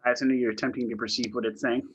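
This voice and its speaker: A man's voice: mid-range voice, little pitch movement, fast talker, a little hiss or hum. A man narrating as game master for a tabletop roleplaying game, talking loosely with lots of fillers.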